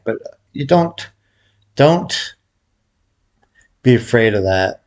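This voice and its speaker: A man's voice: mid-range voice, expressive, slow, long pauses, a little mellow. A middle-aged man giving a casual tutorial, rambling and joking at his own expense, with a slight whistle from a cracked tooth. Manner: rambling, jokey, laughs at himself. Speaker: baccarat instructor.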